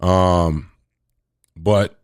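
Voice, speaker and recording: Guy hosting a sports show, real low voice, dry close sound, loose rambling talk. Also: fairly even intonation, drawn-out words, clean tone, no room sound. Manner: rambling, restarts, talks football strategy with slang. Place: home near an air base, planes heard.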